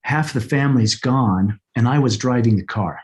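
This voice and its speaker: A middle-aged man telling a personal story as an interview guest, earnest and halting, often repeating words as he searches for them. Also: medium pitch. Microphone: podcast microphone.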